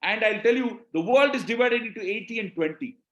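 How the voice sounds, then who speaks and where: Male business trainer, Indian English accent, higher voice, roomy echo, repeats himself and keeps checking in with the audience. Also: expressive, a little fast, fairly bright tone, dull audio. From Tamil Nadu, India. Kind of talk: live webinar talk.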